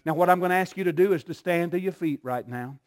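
A man preaching a sermon in church, building up to shouted call-and-response with his congregation. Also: sits high, quick pace. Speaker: pastor.

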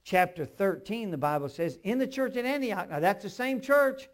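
An older man, preaching a sermon as pastor, swinging from hushed storytelling to loud emphatic bursts with humorous asides. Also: high-pitched, lively intonation, normal speed.

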